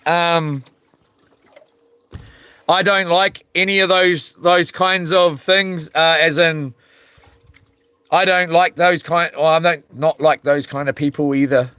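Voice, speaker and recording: High, smooth-voiced man rambling to his stream. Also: steady tone, slow, pauses often, bright, forceful tone, no room sound. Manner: rambling, hesitant, lots of ums. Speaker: channel host live-streaming. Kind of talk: casual live-stream chat. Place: outdoors by the sea at night.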